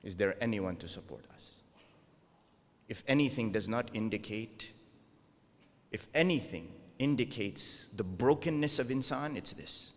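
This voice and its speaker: A man's voice: on the low side, lively intonation, measured pace. A man delivering an earnest sermon, often asking his audience rhetorical questions. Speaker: preacher. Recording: long hall reverb.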